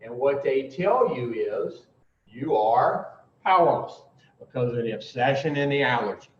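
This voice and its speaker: A man's voice: medium pitch, expressive. Blunt man teaching recovery in an echoey room. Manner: emphatic, drawn-out pauses, blunt with profanity. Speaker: recovery speaker teaching the twelve steps. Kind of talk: informal recovery talk to a group. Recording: roomy, distant, dull lo-fi sound.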